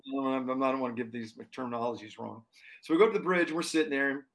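A man telling a story in casual chat, animated and full of fillers and restarts. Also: mid-range voice, very fast. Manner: animated, lots of fillers and restarts, acts out quotes. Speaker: touring performer guest.

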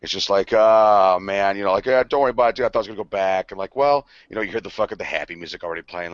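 A man with a lowish voice swaps wild hotel stories with his buddies, cussing freely and breaking into laughter as he mimics the people he's talking about. The sound is dull and dry, as if picked up by a cheap mic in a small space. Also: fairly quick, no room sound. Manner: profane, laughing, acts out quoted voices. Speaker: podcast co-host. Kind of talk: casual storytelling chat.

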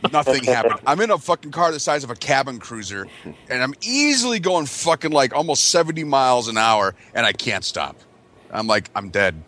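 A man's voice: fairly high pitch, huge pitch swings, moderate pace, pushed and bright, a little hiss or hum. A man from the US Midwest telling a crude, exaggerated story for laughs among friends. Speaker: podcast regular.

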